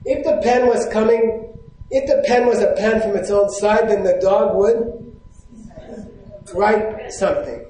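A man with a high voice teaches from a stage in a large hall, and the sound rings heavily off the walls. He talks in a loose, conversational way. He keeps asking his listeners questions and checking that they follow. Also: fairly even intonation, a little slow, warm tone. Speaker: Buddhist teacher. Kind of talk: teaching talk to a live audience. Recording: very echoey hall.

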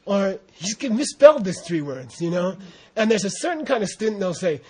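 American man, high husky voice, rambling animated dharma talk, laughs a lot. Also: a little fast. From United States. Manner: rambling and animated, laughs often, heavy use of "you know". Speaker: Buddhist teacher.

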